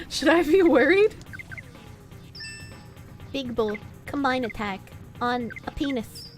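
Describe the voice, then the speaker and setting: A woman's voice: high voice, slow, faint music behind. A young woman streaming a game, chatting casually and swearing as she jokes with her chat. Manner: animated, swearing, joking with chat, frequent laughs.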